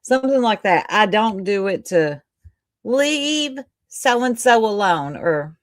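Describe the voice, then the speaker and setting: A woman livestream host talks at an unhurried, easygoing pace, chatting casually with her viewers. She greets people by name and laughs often. Her voice sounds close and dry, with little room sound. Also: medium pitch, very animated, no room sound. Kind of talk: casual chat with live viewers.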